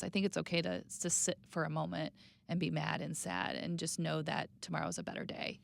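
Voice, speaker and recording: A woman in her thirties speaking candidly and reflectively as an interview guest, sometimes dropping to a soft, quiet voice. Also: brisk, gravelly. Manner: reflective, plainspoken, drops to a soft low voice on hard news.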